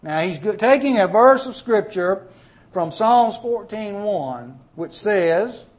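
High-voiced preaching pastor. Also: male voice, very animated, slow pace. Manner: emphatic folksy preaching with acted-out stories. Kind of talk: sermon.

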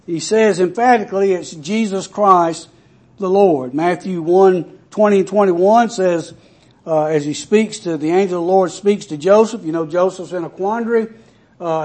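A man's voice: high-pitched, a little mellow. A man preaching a sermon in a conversational way, with frequent fillers, lifting his voice when he reads scripture aloud.

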